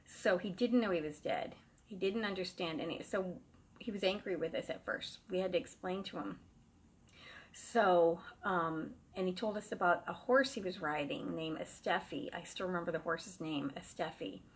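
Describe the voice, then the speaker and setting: A woman's voice: fairly low pitch, moderate pace, slightly rough. A woman telling a true ghost story in a casual, rambling way, full of fillers and restarts. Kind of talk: casual first-person storytelling.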